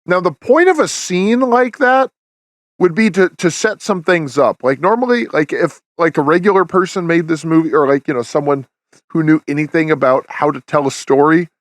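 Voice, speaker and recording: A man with a somewhat high voice talks through a film's plot in a loose, rambling way, full of restarts and fillers. The sound is dry and close, with no room around it. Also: moderate pace, dry recording. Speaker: podcast host. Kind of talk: casual review chat.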